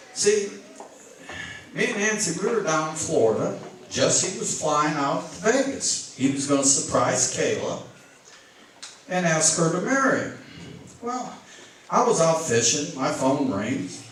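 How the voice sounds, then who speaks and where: A man's voice: high-pitched, fairly bright tone. A middle-aged man giving a wedding toast as father of the bride, telling a story in plain, folksy country talk. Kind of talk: wedding speech. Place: wedding reception hall. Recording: echoey hall from far off, crowd noise. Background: wedding guests laughing.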